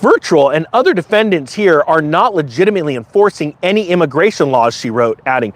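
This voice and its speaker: Sarcastic male commentary host, high and animated, slips into mocking voices. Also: brisk, few pauses.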